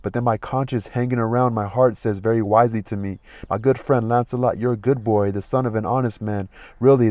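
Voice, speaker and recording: A man's voice: on the low side, warm tone, dry recording, studio quality, lightly acted. A man voicing a comic young male servant, reading the old lines plainly and then retelling them in everyday speech. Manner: reads old verse plainly, then retells it in modern slang.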